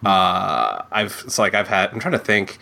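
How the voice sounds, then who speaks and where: A man's voice: low voice, sing-song, unhurried, gravelly, pushed and bright. A man in casual podcast chat, rambling with fillers and the odd curse word, talking about showing his art pages. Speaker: comic artist guest.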